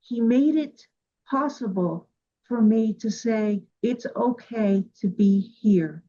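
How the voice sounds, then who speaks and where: A woman's voice: on the high side, slow, mellow. A woman from Cuba hosting a radio interview, telling heartfelt stories in a casual, earnest way. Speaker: radio show host. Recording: dull lo-fi recording.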